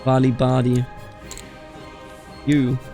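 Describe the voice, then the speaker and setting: Faint music sits behind a man's mid-range, creaky voice as he slowly hosts a strategy game let's play. He's from Bavaria, reads game events aloud, and chats casually in an animated way, bursting out in exasperation and calling people "dude."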